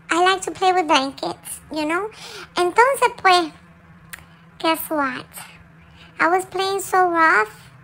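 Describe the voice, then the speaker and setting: A woman voicing a small, excitable pet dog, chatting and mixing English with Spanish as it tells its side of the story. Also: extremely high pitch, a little hiss or hum, heavily acted, poor audio. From Puerto Rico. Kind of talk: confessional monologue in a dog's voice.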